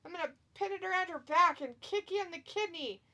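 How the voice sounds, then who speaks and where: A panicky, whimpering male luchador wrestler in a squeaky, strained high voice, put on by a woman. He whines and frets in childish bursts, as mocking play-by-play during a wrestling watch-along. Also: fairly quick, bright, forceful tone, exaggerated voice. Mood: gloating.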